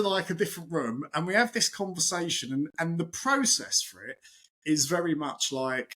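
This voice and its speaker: A middle-aged man, a chef and podcast guest, telling stories in casual chat, lively and acting out quotes, with many restarts. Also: fairly high pitch, fairly quick.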